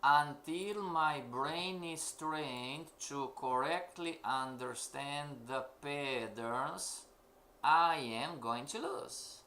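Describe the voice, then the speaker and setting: A man leads a live-streamed lesson, hammering home his points with repeated questions. His voice sits fairly high, with a gravelly edge and a bright, forceful tone. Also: extremely slow, slight background noise. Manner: emphatic, questioning, repeats himself. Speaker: forex trading instructor. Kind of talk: live-streamed trading lecture.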